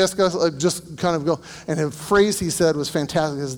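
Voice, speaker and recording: A man's voice: a little high, a little fast, big-room sound. A man working as a counselor, teaching a group in a casual, anecdotal way and asking them questions. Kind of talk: conversational teaching.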